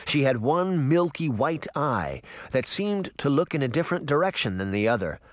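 A man reading a storybook aloud with expressive, dramatic narration. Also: mid-range voice, no room sound, studio quality.

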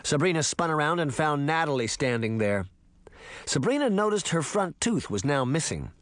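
A man narrating a fantasy audiobook in a dramatic, expressive reading style. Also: fairly high pitch, normal speed, dry recording. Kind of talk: scripted narration.

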